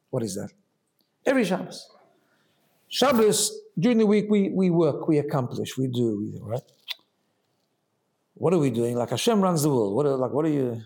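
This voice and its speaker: A man with a somewhat high voice teaches a Chassidic Torah class. He explains step by step, tosses in "right?" to check on his listeners, and mixes Hebrew terms into his talk. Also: warm tone. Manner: explanatory, asks rhetorical "right?" often, mixes Hebrew phrases.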